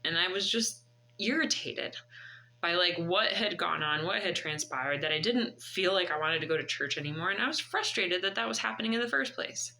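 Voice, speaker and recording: A woman's voice: fairly low pitch, moderate pace, sharp tone, low-quality recording. A woman in her thirties telling a personal story in a vlog, earnest and reflective. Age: 30s. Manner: earnest, reflective, faith-driven. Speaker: vlogger.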